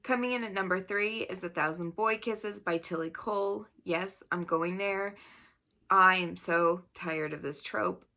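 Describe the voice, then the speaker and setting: A woman with a bright, forceful voice talks straight to the camera about books she disliked. She is blunt and exasperated and keeps breaking into laughter. Her delivery is casual and unscripted. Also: on the low side, a little slow. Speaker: book reviewer. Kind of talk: casual video review.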